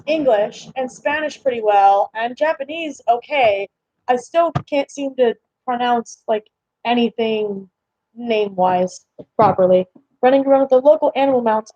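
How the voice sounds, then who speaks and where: A woman's voice: fairly high pitch, dark tone, dry recording. Chatty young woman live-streaming from home. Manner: chatty, rambling, lots of fillers. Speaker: livestream host. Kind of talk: casual live-stream chat. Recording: slightly dull lo-fi stream audio.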